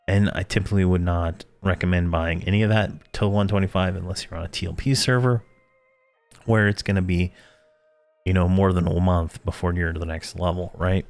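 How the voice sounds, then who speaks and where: Man, very low voice, hoarse from losing his voice, rambling casual game guide, faint music behind. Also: dry recording. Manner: rambling, self-correcting, chuckles often. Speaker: gaming channel host.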